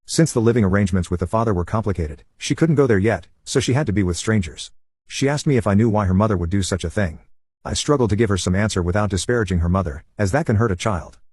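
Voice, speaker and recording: A man narrating online stories in an even, unhurried reading voice. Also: fairly low pitch, breathy edge, dry recording, clean studio sound.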